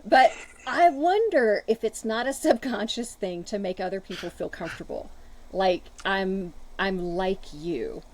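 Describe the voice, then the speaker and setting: A woman's voice: mid-range voice, unhurried, slight background noise, poor audio. A woman with a Texan accent, a podcast guest and strengths coach, talking in an enthusiastic, bubbly casual chat from inside an RV. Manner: bubbly, enthusiastic, drawling at times.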